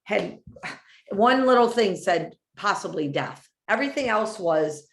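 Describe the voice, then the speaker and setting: A woman's voice: mid-range voice, expressive, a little slow, echoey room. A woman giving a heartfelt, rambling motivational talk about finding yourself. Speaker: motivational speaker.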